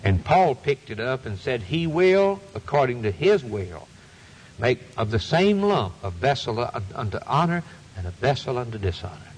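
A man's voice: medium pitch, very animated, moderate pace, big-room sound, a little hiss or hum, low-quality recording. A man preaching a sermon, quoting scripture in old-fashioned phrasing with a swooping, rhythmic delivery.

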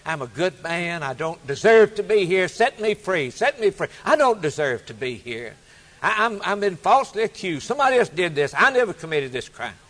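A man's voice: high-pitched, very animated, normal speed, fairly bright tone, big-room sound, voice pushed up, full character voice. A man voicing male prisoners who insistently plead that they are innocent.

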